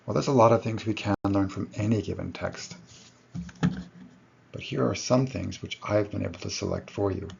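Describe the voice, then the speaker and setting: A man's voice: fairly low pitch, normal speed, creaky, darkish tone, lo-fi sound, a little hiss or hum. A man giving a recorded lecture to his students, explaining step by step and correcting himself as he goes.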